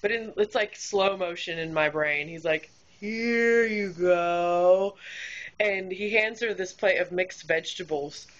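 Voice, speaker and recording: A woman's voice: fairly low pitch, normal speed, few pauses, a bit bright. A woman who works as a restaurant server tells a story about a difficult customer in a candid, exasperated way, with lots of fillers. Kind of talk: casual storytelling vlog. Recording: dull lo-fi home recording.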